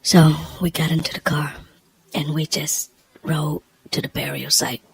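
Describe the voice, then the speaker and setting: A woman telling a personal story, emotional and close to tears, in a halting, hushed voice that often drops near a whisper. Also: deep voice, little pitch movement, husky, rough recording.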